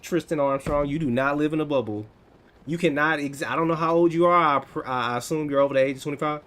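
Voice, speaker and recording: An American man in his thirties, chatting casually on a livestream, answering viewers in an animated, teasing way. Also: on the high side, fast. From United States. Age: 30s. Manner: animated, teasing, laughs often.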